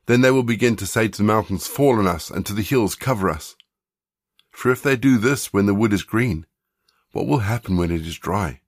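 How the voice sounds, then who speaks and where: A man voicing a calm, solemn teacher during a scripture reading, speaking quietly and gravely. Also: fairly low pitch, moderate pace, dry recording, studio quality. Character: calm, solemn male teacher facing death.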